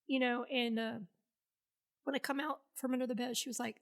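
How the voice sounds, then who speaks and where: A woman's voice: sits high, moderate pace, pushed and bright. A woman guest telling a personal story in an interview, blunt and profane, acting out the dialogue she quotes. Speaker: podcast guest, Navy veteran.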